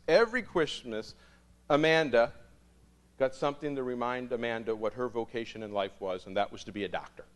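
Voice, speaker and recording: A male priest telling stories in a sermon, an animated storyteller who laughs often. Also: medium pitch.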